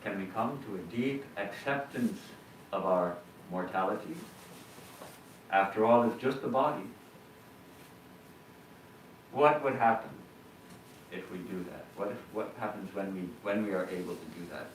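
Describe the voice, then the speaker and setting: A man, a monk, giving a measured and reflective sermon with hesitations in a temple hall. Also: lowish voice, animated, a little hiss or hum. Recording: roomy hall, distant mic.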